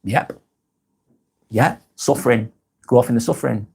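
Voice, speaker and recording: A man with a Lancashire accent, hosting a casual live vlog and reading viewers' comments aloud, then answering them in a softer, lower voice. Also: fairly even intonation, measured pace, vocal fry, husky. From Darwen, near Blackburn, northern England. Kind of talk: casual live-stream chat.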